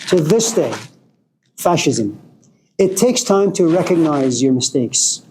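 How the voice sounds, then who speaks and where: A man giving a philosophical lecture, speaking slowly and deliberately and digressing into stories. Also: a little high, sing-song, darkish tone, slight background noise, low-quality recording. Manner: slow, deliberate, digressive storytelling.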